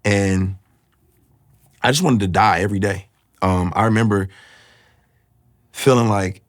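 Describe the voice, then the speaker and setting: Man telling his faith story, low-pitched, candid, searching for words. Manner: earnest and confessional, pauses often to find words. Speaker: speaker sharing a personal testimony.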